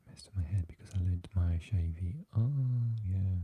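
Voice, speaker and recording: A Welsh man hosting a whispered ASMR live chat, talking softly and haltingly with lots of fillers as he answers viewers. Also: deep voice, slightly rough. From Wales. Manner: soft and halting, with many fillers, chatting with viewers. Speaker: ASMR livestream host.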